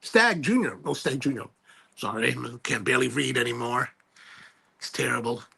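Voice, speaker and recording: Male livestream host, gravelly and husky tone, loose rambling self-deprecating delivery while reading viewer comments. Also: medium pitch, moderate pace, sharp tone. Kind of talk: casual chat, reading viewer comments aloud.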